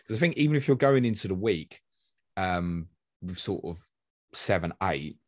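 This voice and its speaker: A man's voice: deep voice, very animated, normal speed, no room sound, studio quality. A man hosting a casual podcast, chatty and rambling, swearing now and then. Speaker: podcast host. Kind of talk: casual fantasy football podcast chat.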